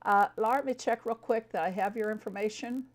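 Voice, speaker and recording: A woman's voice: medium pitch, fairly quick. A woman streaming a farming game, chatting casually with her viewers, answering them by name and laughing often. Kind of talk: casual live-stream chat.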